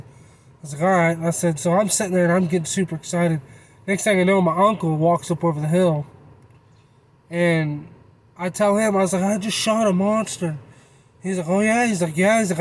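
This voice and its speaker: A man's voice: sits high, a little hiss or hum, poor audio. A man telling a hunting story in a casual, rambling, folksy way. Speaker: channel host.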